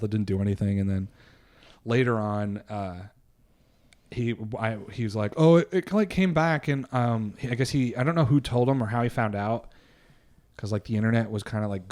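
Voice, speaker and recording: A man's voice: lowish voice, a little mellow. Man, podcast co-host, casual storytelling, rambling, profane, laughs often.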